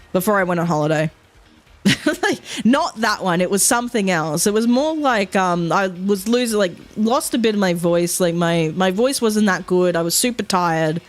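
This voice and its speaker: A young Australian woman streaming, telling a story in animated casual chat, laughing often and swearing freely. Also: mid-range voice.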